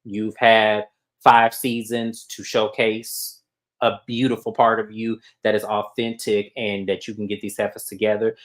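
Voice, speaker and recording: Low-voiced guy dishing reality tv gossip, blunt and sweary, lots of asides. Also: measured pace. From California. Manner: blunt, profane, animated asides. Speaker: co-host. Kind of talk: casual reality TV gossip chat.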